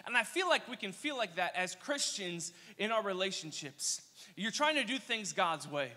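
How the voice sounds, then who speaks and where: A young man preaching a casual youth sermon, telling energetic, slangy stories with playful asides. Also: high-pitched, normal speed. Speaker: youth pastor. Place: church hall. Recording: long reverb of a church hall.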